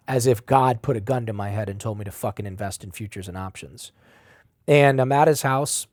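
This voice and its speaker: A man's voice: medium pitch, normal speed, dry recording, studio quality. Blunt, swearing man telling his story. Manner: animated, swings between loud and quiet. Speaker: podcast guest. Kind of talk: emotional personal storytelling.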